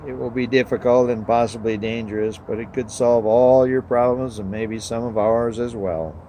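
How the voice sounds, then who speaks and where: A man as a gentle caring father. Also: mid-range voice, steady tone, moderate pace, slight background noise, close to an everyday voice, low-quality recording. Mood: reassuring.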